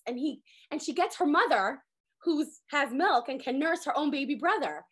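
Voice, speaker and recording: A woman teaching a casual online Torah class, telling the story with lively acted-out lines and many "like" fillers, over a video call. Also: sits high, moderate pace.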